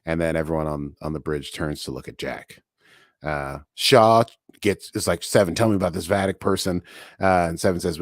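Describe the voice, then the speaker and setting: Podcast co-host, male, low voice, casual recap chatter with laughs, dry recording. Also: no echo. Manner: chatty, laughing, quick asides.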